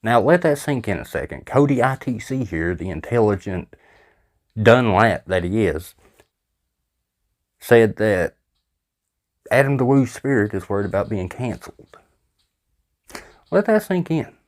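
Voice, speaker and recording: A man's voice: on the low side, lively intonation, unhurried, long pauses. A man hosting a reaction video, giving angry, sarcastic commentary. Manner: exasperated, sarcastic.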